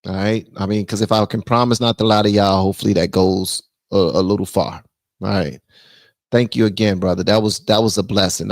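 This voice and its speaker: A man hosting a casual political live stream, blunt and animated, reading viewer messages aloud. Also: fairly low pitch, gravelly, no room sound. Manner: blunt, animated, reads super chats aloud.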